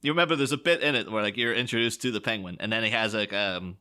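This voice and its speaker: Bloke rambling on a podcast, bright sharp tone, keeps restarting sentences. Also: male voice, on the low side, quick pace, smooth. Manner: rambling, enthusiastic, many restarts. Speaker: podcast co-host. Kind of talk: casual film podcast chat.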